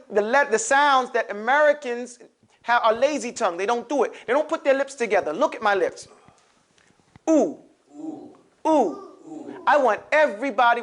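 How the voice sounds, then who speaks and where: A man teaching an Arabic alphabet class, explaining and drilling syllables emphatically for students to repeat in a classroom. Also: very high-pitched.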